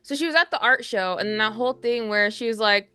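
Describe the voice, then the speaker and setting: A woman's voice: a little high, quick pace, sharp tone, clear, resonant tone. A woman hosting a casual interview, gushing and giggling like a fan. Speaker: host.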